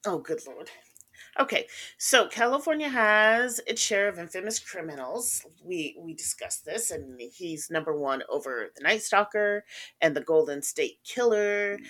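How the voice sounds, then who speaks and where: A woman's voice: lowish voice, lively intonation, measured pace, a bit bright. A woman co-hosting a podcast in casual chat, laughing often and reacting wryly. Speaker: podcast co-host.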